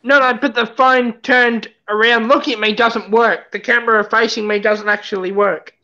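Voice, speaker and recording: A livestream guest telling rambling jokes in a deadpan, casual way. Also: mid-range voice, normal speed. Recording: lo-fi stream audio.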